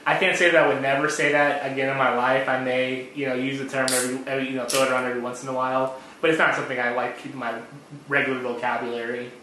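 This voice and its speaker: A man co-hosting a casual podcast chat, rambling and halting, full of fillers and repeated words. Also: mid-range voice, flat delivery, sharp tone. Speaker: podcast co-host. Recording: very echoey room with faint noise.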